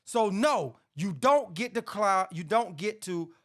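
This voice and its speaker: A man's voice: high voice, animated, slow pace. Blunt, profane man ranting about boxing. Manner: blunt, profane, repeats "man" a lot, gets heated. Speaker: sports talk show host. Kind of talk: casual boxing commentary rant.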